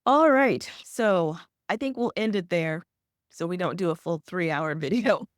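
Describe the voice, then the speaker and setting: A woman's voice: fairly low pitch, a little slow, dry recording, studio quality. A woman co-hosting a podcast, chatting casually in a rambling, teasing way with lots of restarts. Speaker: podcast co-host. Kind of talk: casual chat.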